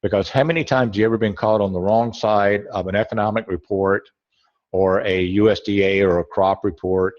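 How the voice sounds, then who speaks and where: A man's voice: fairly low pitch, fairly even intonation, a little fast, dull audio. A man teaching a trading webinar over a screen share, rambling and correcting himself as he thinks aloud.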